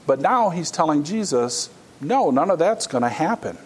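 A man's voice: fairly high pitch, very animated, moderate pace, slightly rough. A man preaching a conversational sermon, explaining a scripture passage and acting out quoted dialogue. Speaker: pastor.

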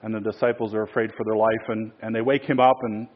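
A man's voice: lowish voice, level tone, fast, muffled recording. A man preaching a sermon in a casual storytelling way, with many fillers and restarts.

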